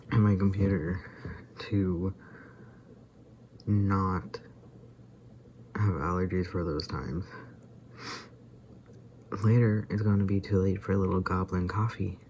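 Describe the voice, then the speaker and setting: A tired man with a low voice rambles casually through a vlog monologue, sighing now and then and sometimes dropping into a soft whisper. There's a faint hiss or hum in the recording.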